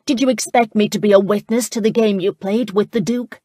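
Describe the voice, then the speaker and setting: A woman narrator voicing a spirited young American woman who speaks boldly and indignantly, higher and louder than her narration. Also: normal speed, slightly rough, dry recording, clean studio sound, lightly acted. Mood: defiant. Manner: bold and indignant.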